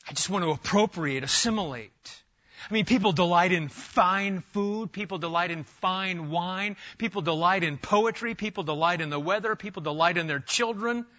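A middle-aged man preaching an expository sermon, emphatic and animated, often restarting his phrases. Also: high voice, normal speed, lo-fi sound. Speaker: pastor.

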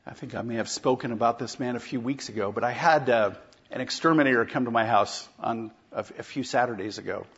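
A pastor preaching a sermon in a conversational way, often asking the congregation rhetorical questions. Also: male voice, mid-range voice, brisk, a bit bright, husky, muffled recording.

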